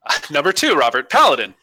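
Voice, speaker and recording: A man co-hosting a casual podcast, talking quickly and joking around with his partner. His voice is bright and forward, recorded close and dry at a home microphone. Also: a little high, no echo. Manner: joking, animated banter. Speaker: podcast co-host reading listener emails. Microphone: home microphone on a remote call.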